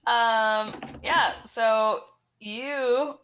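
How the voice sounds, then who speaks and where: A young woman co-hosts a podcast in loose banter, teasing, laughing often and swearing freely. Her voice is bright and a little high for a woman. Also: steady tone, drawn-out words, a little hiss or hum. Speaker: podcast co-host. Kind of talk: casual banter.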